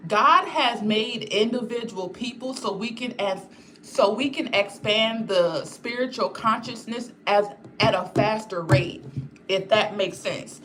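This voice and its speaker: A young woman talks casually to her viewers on a live stream, candid and rambling, with easy swearing. Her voice sits at an ordinary middle pitch. A faint hiss of noise stays under her voice. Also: measured pace, a bit bright. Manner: swears freely. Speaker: channel host reading live chat.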